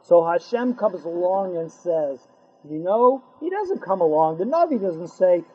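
A man teaching an animated Torah class, firing rhetorical questions, acting out dialogue and using Hebrew and Yiddish terms. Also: high-pitched, measured pace, husky. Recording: dull lo-fi recording.

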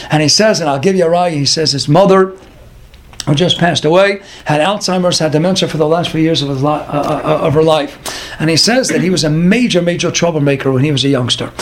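A man telling a religious story in an animated, dramatic way, sprinkling in Hebrew and Yiddish words. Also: fairly high pitch, a little hiss or hum. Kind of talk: storytelling sermon.

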